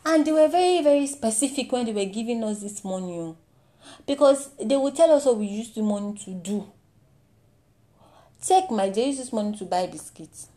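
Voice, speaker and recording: A young woman with a Nigerian accent delivering a comic monologue, mock-indignant and animated, mixing in pidgin and Yoruba phrases. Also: fairly high pitch, moderate pace, long pauses.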